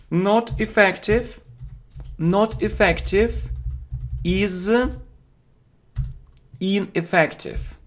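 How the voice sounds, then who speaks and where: A man teaches vocabulary at a very slow, careful pace, repeating words and phrases for his learners. His voice sits a little high for a man. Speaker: English teacher.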